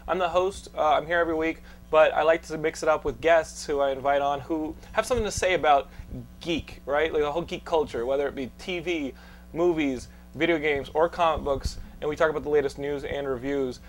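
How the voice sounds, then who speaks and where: A man's voice: a little high, fairly quick. A man with a Texan accent hosting a casual geek-culture podcast, upbeat and chatty. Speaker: host.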